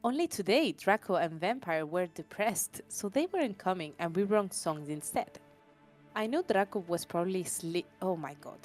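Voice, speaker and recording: A woman's voice: lowish voice, expressive, normal speed, a little mellow, soft background music. A woman doing a comedic reading on a stream, breaking off for wry, exasperated asides. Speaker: stream co-reader.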